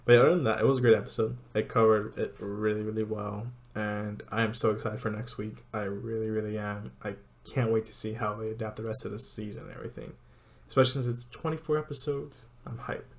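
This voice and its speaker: A man hosting a casual anime recap, excited and rambling, who laughs often. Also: fairly low pitch, fast talker, vocal fry.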